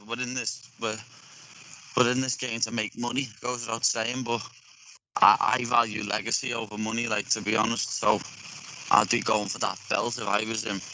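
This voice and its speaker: Brash young Scouse fighter, blunt slangy talk, bright tone, faint line noise. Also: male voice, on the low side, low-quality recording. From Liverpool, England. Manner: blunt and profane, lots of slang. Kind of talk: casual interview. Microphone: earphones on a remote call.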